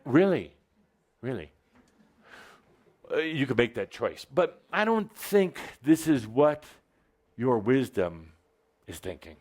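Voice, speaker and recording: A man's voice: very animated, takes it slowly, darkish tone. Man giving a playful, theatrical spiritual talk. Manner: theatrical, playful, teasing, with big swings in pitch. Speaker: spiritual teacher addressing a live audience.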